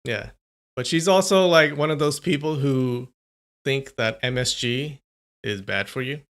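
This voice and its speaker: A man's voice: mid-range voice, measured pace, fairly bright tone. A young man chatting casually on a live stream, rambling and answering viewers' comments.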